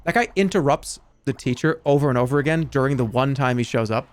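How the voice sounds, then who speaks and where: A man streaming a video game, chatting in a rambling, profane, animated way. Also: medium pitch, fast. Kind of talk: casual chat while gaming.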